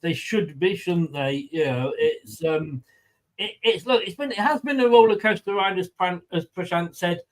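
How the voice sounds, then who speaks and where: A man hosting a casual fan live stream. He chats loosely with plenty of fillers and reads viewer comments aloud, his voice sitting a little high. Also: normal speed. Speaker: fan channel co-host.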